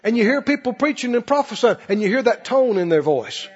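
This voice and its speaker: A man preaching a sermon in an animated way, slipping into mocking put-on voices. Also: extremely high pitch, a little fast, hardly any pauses, husky. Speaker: pastor. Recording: dull recording in a reverberant hall.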